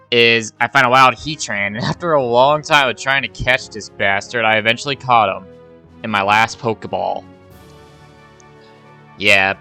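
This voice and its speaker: Bright-voiced man narrating his game run. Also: mid-range voice. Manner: rambling play-by-play, swears, sighs when frustrated. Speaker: gaming YouTuber. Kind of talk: casual game commentary.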